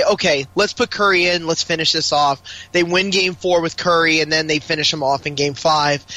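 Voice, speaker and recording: A man co-hosting a podcast, chatting casually about basketball, asking questions and throwing in quick asides. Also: high voice, bright, forceful tone, rough recording. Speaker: podcast co-host. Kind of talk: casual sports chat.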